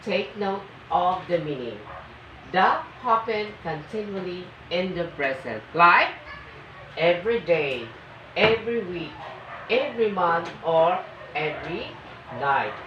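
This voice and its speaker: Woman teacher, slow and lively in pitch, grammar lesson, recorded from afar in an echoey room. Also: a little hiss or hum. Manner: slow, emphatic reading of example sentences. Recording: echoey, muffled room from a distance.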